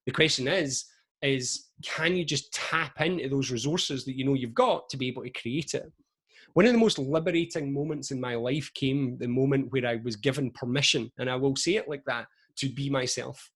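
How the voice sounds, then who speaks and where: A man in his forties, a motivational speaker, telling stories to camera on a video call in a chatty, lively way full of asides. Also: mid-range voice, moderate pace, slightly rough. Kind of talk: energetic motivational talk to camera.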